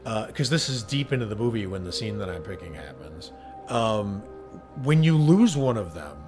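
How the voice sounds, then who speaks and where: A man's voice: on the low side, very animated, normal speed, darkish tone, soft background music. A man co-hosting a casual podcast, chatty and enthusiastic, laughing easily. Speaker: podcast co-host.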